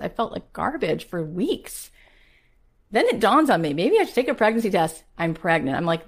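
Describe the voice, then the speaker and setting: A woman in her forties with a slightly low voice speaks as a podcast host. She delivers a motivational personal monologue with emphatic storytelling, often pausing on rhetorical questions. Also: big pitch swings.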